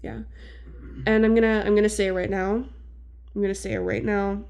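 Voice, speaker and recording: Talkative woman guest on a podcast, emphatic and opinionated, mid pitch. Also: level tone, fairly quick, a little mellow, lo-fi sound. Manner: chatty, emphatic movie opinions. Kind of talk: casual podcast chat.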